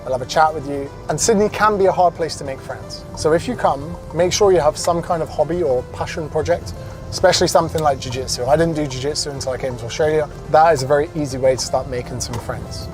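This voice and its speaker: A man's voice: fairly high pitch, fast, music in the background. A young English man vlogging about life abroad, chatty and blunt, swearing freely. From England. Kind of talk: casual travel vlog.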